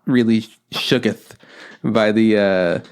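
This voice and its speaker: Man, podcast co-host, casual chat, lowish pitch, hesitant, rambling. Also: fairly even intonation, slow, clear, resonant tone.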